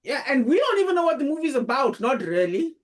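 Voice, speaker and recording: A woman co-hosting a casual movie podcast, talking in an animated, frank way. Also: sits high, fast talker, crowd noise. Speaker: podcast co-host.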